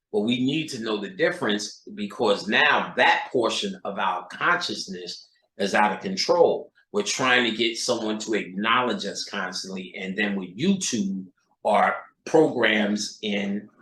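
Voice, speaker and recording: A man's voice: on the low side, a bit bright. A man giving a freewheeling, profane lecture, emphatic and rhetorical, who keeps checking in with his listeners and repeats lines for punch. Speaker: occult lecturer. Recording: echoey room.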